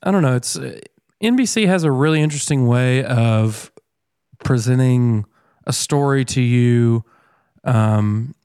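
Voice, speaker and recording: A man hosting an interview, asking questions in a rambling way with frequent pauses. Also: mid-range voice, a little mellow, clear, resonant tone, no room sound, clean studio sound. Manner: rambling, hesitant, many "uh" and "um" pauses. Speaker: interview host. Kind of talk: casual interview chat.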